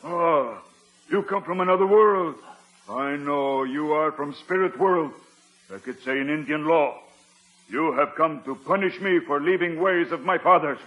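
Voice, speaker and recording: An actor playing a solemn, halting old tribal chief who speaks in slow broken sentences, in a 1950s radio sitcom. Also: male voice, a little high, fairly bright tone. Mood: pleading. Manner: slow, halting broken speech, theatrical pleading. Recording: dull lo-fi old radio recording.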